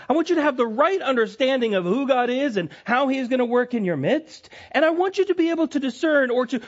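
Pastor, male, higher voice, lively preaching swinging emphatic to hushed; lo-fi church recording. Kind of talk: sermon. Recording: lo-fi dull sound.

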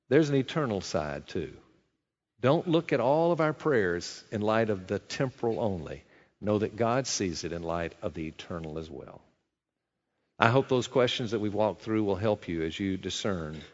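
Earnest male preacher in a reverberant hall. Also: lowish voice. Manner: earnest, conversational preaching with rhetorical questions. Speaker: pastor. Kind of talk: sermon. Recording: dull sound with long hall reverb.

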